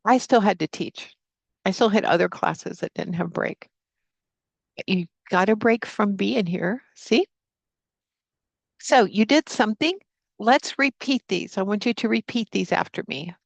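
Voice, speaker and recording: Woman, online Spanish teacher, gravelly voice, dry close sound, leads prayer and drills. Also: medium pitch, measured pace, long pauses, dry recording. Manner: prays aloud, then drills vocabulary with repetition. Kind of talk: live online class teaching. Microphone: computer mic on a video call.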